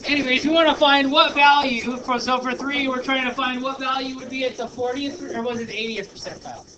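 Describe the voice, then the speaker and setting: A male teacher working through a problem step by step in a classroom lesson, chatty and thinking out loud. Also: very high voice, fairly even intonation, fairly quick, muffled recording, crowd noise. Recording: noisy classroom recording.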